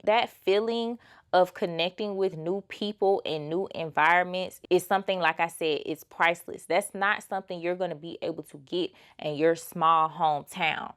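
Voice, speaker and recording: A woman's voice: fairly low pitch, steady tone, normal speed, clean tone. A young woman, giving a chatty, emphatic motivational vlog monologue. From Georgia, USA. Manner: emphatic and chatty, full of fillers and rhetorical "okay?". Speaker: lifestyle motivational vlogger.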